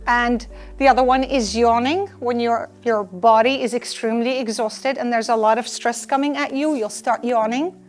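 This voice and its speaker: A woman giving a live lecture to students, earnest and emphatic, driving home her points by repeating them. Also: a little high. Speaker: lecturer on personal well-being.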